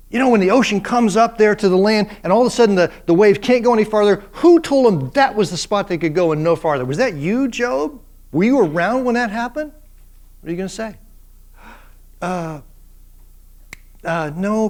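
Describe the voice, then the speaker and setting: A man professor giving a classroom lecture, animated and full of playful rhetorical questions. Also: sits high, moderate pace.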